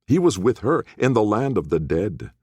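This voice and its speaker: A blunt, worldly woman teases and needles with a sardonic edge, her voice rising and falling in lively swings, as a man puts her on for an audiobook. The sound is dry, with no room echo. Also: on the low side, normal speed, pitched above the performer's own voice. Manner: sardonic, teasing. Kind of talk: audiobook character voice.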